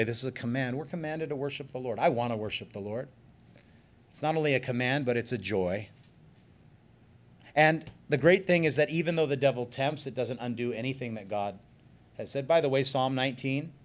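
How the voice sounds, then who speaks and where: A male pastor giving an earnest sermon, slowing down to stress key points. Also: medium pitch. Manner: earnest, emphatic preaching with slowed stresses.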